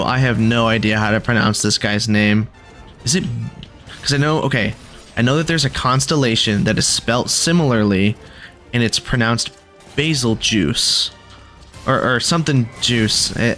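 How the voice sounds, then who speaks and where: A man's voice: mid-range voice, normal speed, a bit bright, faint music behind. Chatty man commenting on his gameplay. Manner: chatty, thinks aloud, reacts with sudden exclamations. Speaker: gaming video creator.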